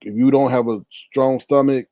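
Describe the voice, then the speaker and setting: Animated man chatting on a livestream. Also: normal speed, no echo, lo-fi sound. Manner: animated storyteller who acts out scenes in high voices and laughs often. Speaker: livestream host reading viewer comments. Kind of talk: casual livestream chat.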